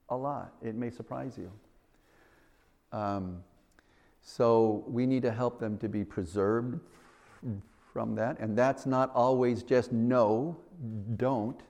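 A man's voice: mid-range voice, warm tone. A man preaching a sermon in an earnest way, often repeating himself and acting out little conversations.

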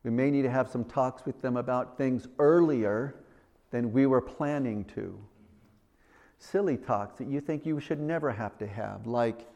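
A man's voice: mid-range voice, a little slow, gravelly, mellow, highs cut off. A man preaching a sermon in an earnest way, often repeating himself and acting out little conversations.

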